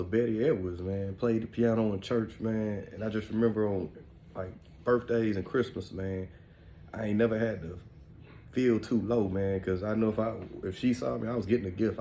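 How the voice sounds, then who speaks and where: A man's voice: fairly low pitch, warm tone, a little hiss or hum. Laid-back man telling family stories. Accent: African American Vernacular English. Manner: laid-back, rambling, full of "man" and "you know". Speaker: podcast host. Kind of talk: casual storytelling monologue.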